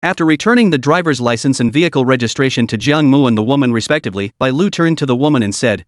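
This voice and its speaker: A man narrating a comic story recap in a brisk storytelling manner. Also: mid-range voice, animated, dry recording, studio quality.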